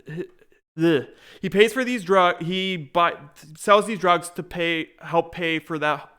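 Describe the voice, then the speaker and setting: Bright-voiced young man, rambling. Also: high voice, slow, clear, resonant tone. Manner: rambling, many restarts and fillers while retelling a show. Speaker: podcast co-host. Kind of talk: casual chat.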